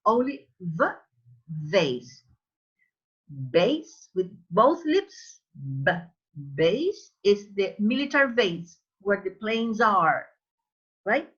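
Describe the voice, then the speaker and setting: Slow, husky-voiced woman teaching English. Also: a little high, very animated, fairly bright tone, muffled recording. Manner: demonstrates sounds slowly, repeating words. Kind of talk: online class lesson.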